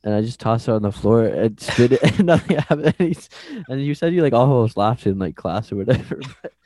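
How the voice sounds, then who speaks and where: A young man co-hosting a podcast, relaxed in casual chat and dropping wry asides. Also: medium pitch, fairly quick, slight background noise. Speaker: podcast co-host.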